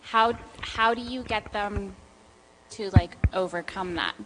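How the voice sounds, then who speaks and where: A woman's voice: mid-range voice, takes it slowly, noisy background. A woman, a parent in the audience, asking a question hesitantly with many fillers.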